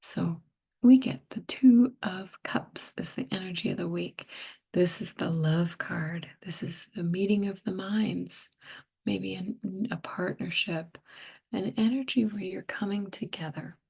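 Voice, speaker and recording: A middle-aged woman giving a tarot reading, hoarse and losing her voice, half whispering in a gentle, musing way. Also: mid-range voice, measured pace. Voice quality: breathy, partly whispered. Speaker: tarot reader.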